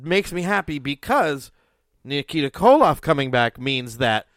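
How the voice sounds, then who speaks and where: A man's voice: on the high side, very animated, unhurried, fairly bright tone, no echo, clean studio sound. A man co-hosting a podcast in casual chat, sarcastic and wisecracking, with frequent swearing. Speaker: podcast co-host.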